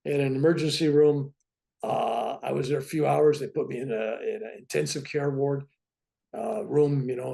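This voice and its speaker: A man in his seventies, a podcast guest telling a personal story in an animated, wry conversational way. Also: fairly high pitch, vocal fry. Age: 70s.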